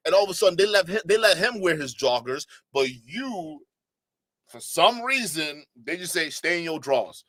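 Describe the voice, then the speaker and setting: Man, stream host, mocking and exasperated, forceful bright voice, dry close sound. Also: on the high side, expressive, normal speed, no echo. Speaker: live stream commentary host. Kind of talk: reaction commentary to chat.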